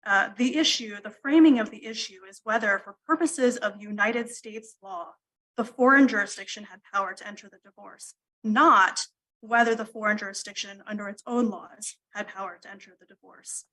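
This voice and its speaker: A woman lawyer making a formal argument to appellate judges, measured and deferential, with frequent ums. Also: medium pitch, a bit bright, low-quality recording. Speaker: attorney arguing appeal. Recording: courtroom livestream audio.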